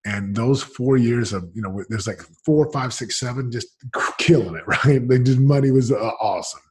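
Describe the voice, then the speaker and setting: Husky-voiced man telling his story. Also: medium pitch, moderate pace. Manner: emphatic, casual and slangy. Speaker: podcast guest. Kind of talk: candid storytelling.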